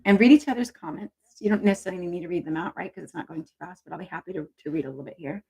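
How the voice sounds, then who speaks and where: Husky woman coaching a live stream. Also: on the low side, racing, mellow, low-quality recording. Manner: chatty, encouraging, reads viewer comments aloud. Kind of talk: casual live-stream teaching.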